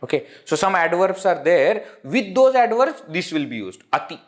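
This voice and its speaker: A man with a high, sing-song voice and an Indian English accent leads a live online Sanskrit class at a moderate pace. He pronounces each word, says it again, and explains it in English, often chuckling along the way.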